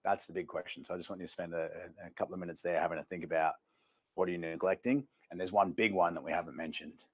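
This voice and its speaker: Male sales trainer, low voice, rapid energetic workshop delivery. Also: husky, dry recording. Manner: energetic storyteller, addresses the room.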